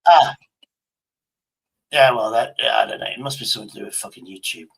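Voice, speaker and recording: A man's voice: mid-range voice, a little fast, gravelly, a bit bright, husky. A man livestreaming in casual chat, rambling to himself and swearing constantly.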